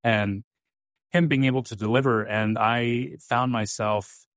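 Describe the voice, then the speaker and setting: A man being interviewed as a guest, telling stories in an animated way, quoting himself and often saying "um.". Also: medium pitch, unhurried, no room sound, studio quality. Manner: animated, quotes himself, frequent "um". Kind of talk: conversational storytelling.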